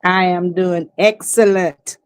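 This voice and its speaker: A woman from the American South with a Southern accent, a fast-talking, easygoing guest in a casual chat. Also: on the low side, steady tone, clear, resonant tone, dry recording.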